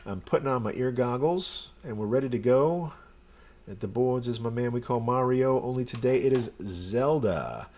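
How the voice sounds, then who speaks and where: A man's voice: medium pitch, moderate pace, a little mellow, a little hiss or hum. A man from Texas with a Texan accent, a rabbi chatting casually and rambling on a live stream. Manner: rambling, chatty, self-deprecating.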